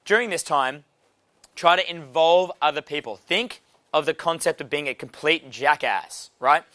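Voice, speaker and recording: A man teaching a dating seminar in a brash, profane, animated way. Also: a little high, normal speed, no echo. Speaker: dating coach.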